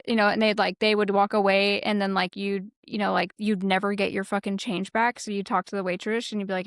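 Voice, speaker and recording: A woman co-host with a gravelly, fry-laced voice talks in loose, casual chat. She swears freely and slips into voices for the people in her stories. The sound is dry and close, with no room around it. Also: medium pitch, brisk, no room sound. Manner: profane, animated storyteller acting out quotes. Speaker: podcast co-host.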